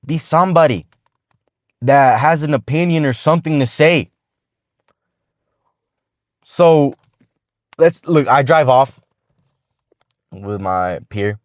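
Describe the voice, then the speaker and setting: A man talks straight to his viewers in a loose, rambling monologue full of slang and cursing. His pitch sits in an ordinary middle range, and the recording is dry, with no room sound around him. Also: expressive, slow pace, long pauses, no room sound. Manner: slangy, profane, rambling with restarts. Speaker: vlogger giving dating advice. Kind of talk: casual advice monologue.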